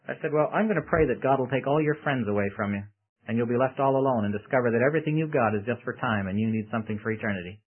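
A male preacher with a husky voice tells his sermon like a story, throwing rhetorical questions at his listeners. He comes through a tinny, phone-thin radio broadcast. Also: medium pitch, racing.

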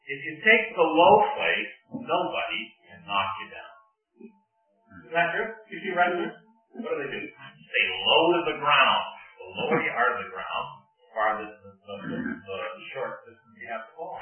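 A man's voice: on the high side, moderate pace. Older guy preaching, jokes on himself, voice swoops up and down, faint music behind, far from the mic. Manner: animated anecdotal storytelling with self-deprecating humor. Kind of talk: sermon. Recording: tinny phone-like sound, distant and roomy.

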